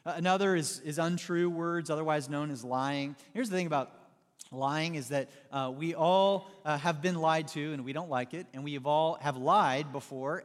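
A man delivers a sermon in a large church hall, his voice a touch higher than most men's and trailing off into a long reverb. He tells stories with animation and tosses playful asides to the congregation. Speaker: pastor.

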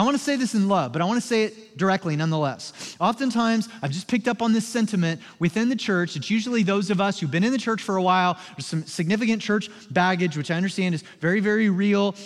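A man with a fairly high voice preaches from the pulpit, talking to the congregation like he's chatting with them. He drops to a hushed, slow murmur, then climbs into loud, emphatic bursts. The sound rings with the long reverb of a big hall. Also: animated. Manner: conversational preaching, swinging from soft and low to loud and emphatic. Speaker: pastor. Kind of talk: sermon.

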